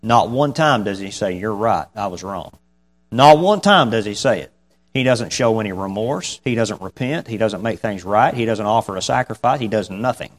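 A man's voice: on the low side, expressive, normal speed. A man preaches an informal sermon. He reads the old scripture wording, then talks through it in a plain, folksy way and chuckles between points. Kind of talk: casual sermon.

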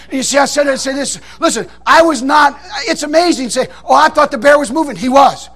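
A man, a preacher telling a folksy story in a sermon to a congregation, shouting out the lines he quotes. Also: very high voice, fairly quick. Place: church in front of a congregation.

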